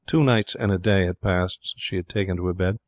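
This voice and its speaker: A man reading a story aloud as an audiobook narrator, in a measured, deliberate way. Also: low voice, no room sound. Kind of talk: scripted narration.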